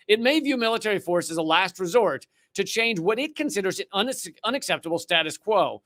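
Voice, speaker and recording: A sardonic male host alternates between reading a document aloud and cracking wry asides. His voice sits high for a man and rings bright and forceful. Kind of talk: political comedy commentary.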